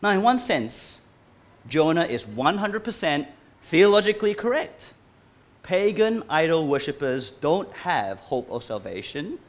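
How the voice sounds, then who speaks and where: Speaking a little slowly in a voice on the high side, this male pastor delivers an animated sermon. He keeps asking the congregation question after question.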